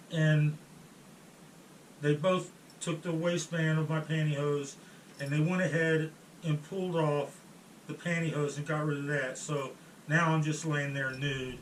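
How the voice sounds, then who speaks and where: Slow, halting man in an echoey room. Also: fairly high pitch, fairly even intonation. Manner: halting, with restarts and trailing pauses. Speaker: storyteller. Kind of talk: first-person storytelling monologue. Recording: roomy echo, distant mic, faint room noise.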